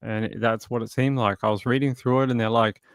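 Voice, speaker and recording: Male live-stream host, mid-pitched, dry close sound, loose joking banter. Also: steady tone, a little fast, clean tone, no room sound. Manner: joking, rambling, chats with viewers. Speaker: true crime livestream host. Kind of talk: casual live-stream chat.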